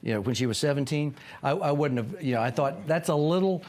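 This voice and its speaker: A man in his sixties, a podcast guest, tells a rambling personal story in a casual interview and acts out quoted lines in a sudden higher voice. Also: expressive, quick pace, a little mellow. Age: 60s.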